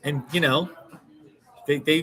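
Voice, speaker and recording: A man's voice: on the high side, steady tone, slow pace, fairly bright tone, poor audio. A man talking to the camera in a casual vlog, rambling and self-mocking and laughing often, outdoors in a small mountain town. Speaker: vlogger.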